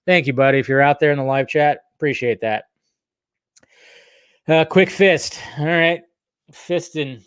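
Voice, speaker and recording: Guy rambling and swearing while reading live chat, kinda high voice, dead dry mic. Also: a little slow, pauses often, smooth, no room sound. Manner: profane, rambling, chatty. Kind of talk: casual livestream chat.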